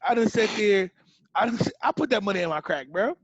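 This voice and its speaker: High-voiced man telling a story. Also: brisk, husky, dry recording. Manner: animated, acts out voices in his story. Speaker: podcast co-host telling a story. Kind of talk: casual storytelling chat. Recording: muffled dry home podcast audio.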